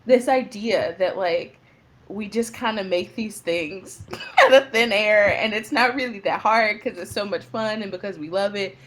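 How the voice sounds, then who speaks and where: A young woman chats as an interview guest, telling her stories with a bright, lively lilt. Her pitch sits in a middle register and leaps up whenever she acts out a quote. She laughs easily between thoughts. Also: measured pace. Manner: animated storyteller, acts out quotes with big pitch jumps, laughs often. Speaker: guest playwright. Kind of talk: casual interview chat.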